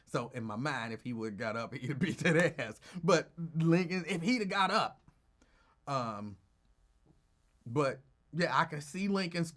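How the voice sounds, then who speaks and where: Animated man telling a story on talk radio. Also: fairly high pitch, normal speed. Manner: animated, teasing, acts out quotes. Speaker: radio talk show host. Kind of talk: casual storytelling.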